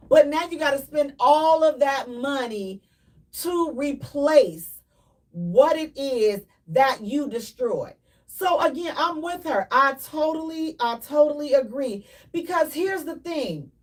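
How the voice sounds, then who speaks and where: Animated, preachy woman radio host. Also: high voice, distant mic. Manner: animated, preachy, repeats herself, sometimes shouting. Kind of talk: live call-in radio talk.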